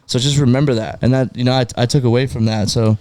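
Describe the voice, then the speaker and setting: Here a podcast co-host talks fast in a medium-pitched, darkish voice with fairly even intonation, recorded dry. Casual in tone, he discusses faith, cites Bible passages, and frequently begins his sentences again.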